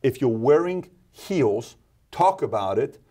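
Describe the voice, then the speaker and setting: A man talking as an interview guest, emphatic and preachy, dropping from loud to low. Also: very animated, measured pace. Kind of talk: casual interview talk.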